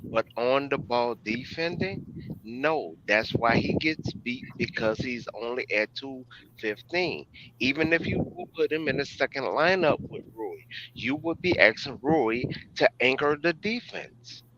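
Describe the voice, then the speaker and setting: Man caller, sharp forceful tone, dull noisy connection. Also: mid-range voice, very animated, unhurried. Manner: emphatic, repeats his points. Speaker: guest caller. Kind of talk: casual sports talk.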